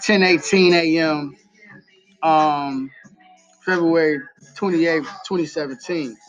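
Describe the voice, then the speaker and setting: A man's voice: a little high, steady tone, takes it slowly, music in the background. A man hosting a podcast, talking earnestly about faith and grief, repeating key phrases for emphasis. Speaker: podcast host. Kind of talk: faith-based personal talk. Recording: slightly dull lo-fi recording.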